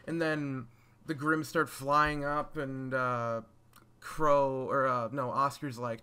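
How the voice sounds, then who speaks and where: A man with a bright, forceful voice talks through an episode review in a loose, rambling way. He trips over his words, circles back with "um" and "uh," and swears casually. He sits at a mid pitch for a man. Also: little pitch movement, takes it slowly, clean tone. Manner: scatterbrained, rambling with frequent fillers. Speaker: video reviewer.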